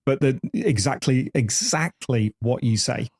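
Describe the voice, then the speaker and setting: A man's voice: mid-range voice, animated, unhurried, darkish tone, husky. A man in his fifties, a podcast host telling rambling stories with lots of restarts in a candid interview. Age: 50s. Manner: rambling anecdotal storyteller with frequent restarts.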